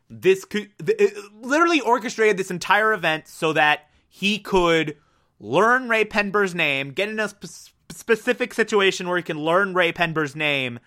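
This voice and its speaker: A man's voice: high voice, pushed and bright. A man casually recapping an anime plot, rambling with many fillers and restarts.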